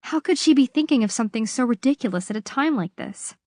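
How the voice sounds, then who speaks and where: Woman reading an audiobook, expressive but measured, higher voice, super dry sound. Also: dry recording. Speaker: audiobook narrator. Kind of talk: scripted audiobook narration.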